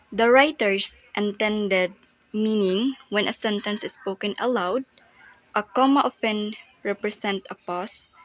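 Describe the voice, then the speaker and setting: A woman with a Filipino accent teaching a grammar lesson, reading aloud slowly with fillers and restarts. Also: medium pitch, fairly bright tone, poor audio. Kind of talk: classroom lesson.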